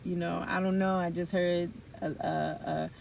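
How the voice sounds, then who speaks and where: A woman's voice: on the low side, little pitch movement, a little slow, gravelly, darkish tone, slight background noise. A woman giving an intuitive tarot reading, musing aloud in informal slang with rambling asides and fillers. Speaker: tarot reader.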